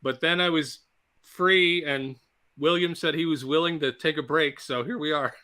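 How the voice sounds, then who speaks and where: An older man hosting a casual livestream chat over a video call, chatty and quick to laugh. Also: fairly high pitch, fairly even intonation, sharp tone. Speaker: host.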